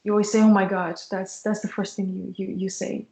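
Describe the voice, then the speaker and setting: Woman explaining stuff, pretty flat delivery, roomy echo on the mic. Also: mid-range voice, brisk. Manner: earnest, explanatory, with frequent fillers. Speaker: co-host of a Christian mentorship show. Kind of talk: casual discussion.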